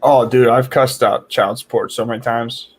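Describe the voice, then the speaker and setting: Man, husky voice, halting speech, repeats words, casual slang, relaxed chat. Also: medium pitch.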